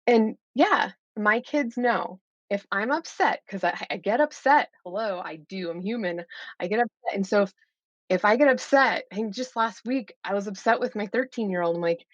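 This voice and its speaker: Chatty woman guest, warm and animated, slightly dull dry sound. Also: medium pitch, moderate pace, dry recording. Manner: warm, animated, laughs easily. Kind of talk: casual interview chat.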